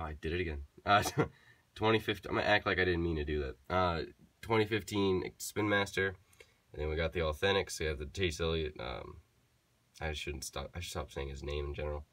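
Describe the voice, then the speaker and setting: A young man with a low, slightly bright voice casually shows his diecast car collection to camera, talking briskly. He rambles, corrects himself and jokes along the way, and the recording is dry.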